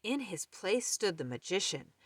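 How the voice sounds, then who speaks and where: A woman reading a children's picture book aloud, slow and expressive. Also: medium pitch, breathy edge, dry recording. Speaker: storyteller.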